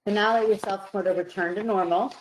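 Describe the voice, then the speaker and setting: A woman psychologist leads a guided muscle relaxation in a calm, coaching manner. Her voice sits at a middling pitch and softens as she tells listeners to let go. The recording has a roomy echo. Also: slight background noise. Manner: calm, slow, coaching tone that softens on each release. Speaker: psychologist presenter.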